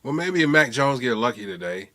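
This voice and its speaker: A man co-hosting a casual sports podcast, telling stories with lively impressions and casual swearing. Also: medium pitch, brisk. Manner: animated storytelling, mimics players, swears casually. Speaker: podcast co-host.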